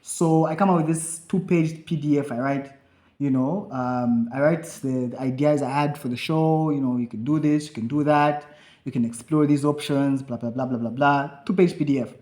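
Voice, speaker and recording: Young guy podcast host, kinda high voice, acts out all the quotes, echoey room. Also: normal speed. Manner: animated, acts out quotes of himself and others. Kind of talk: casual storytelling chat.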